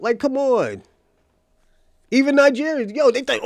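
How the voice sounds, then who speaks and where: Male commentary host, high-pitched, dry close sound; profane, insistent, repeats his points. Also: unhurried, vocal fry, no room sound. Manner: emphatic, profane, repetitive, argumentative. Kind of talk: casual livestream commentary.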